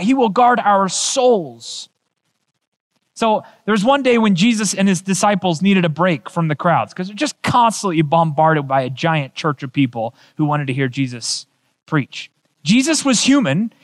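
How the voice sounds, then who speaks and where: A male pastor preaching a sermon, telling a story with emphatic, animated delivery. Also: high-pitched.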